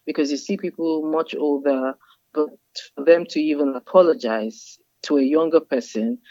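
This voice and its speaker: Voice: medium pitch, normal speed, warm tone, no echo. A guest speaker in an interview, explaining in a patient, teacherly way and repeating key phrases. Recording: dull, dry lo-fi sound.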